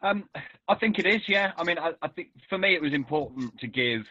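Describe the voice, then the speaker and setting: A man's voice: on the high side, lively intonation, pushed and bright, no echo, lo-fi sound. Thoughtful man on a call. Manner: thoughtful, halting with restarts. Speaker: novelist and poet. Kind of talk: conversational author interview. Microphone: video call.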